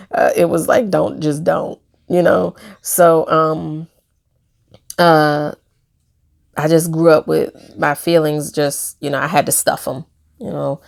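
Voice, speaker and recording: Low-pitched with vocal fry, a woman vlogger records a reflective personal video diary. She speaks softly and hesitantly with lots of fillers, laughing a little while talking about pain.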